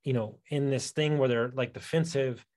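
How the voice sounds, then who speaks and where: A man hosting a casual podcast chat, retelling a story in a loose, animated way. He stumbles and restarts often. His voice sits at a middling pitch. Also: moderate pace. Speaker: podcast host.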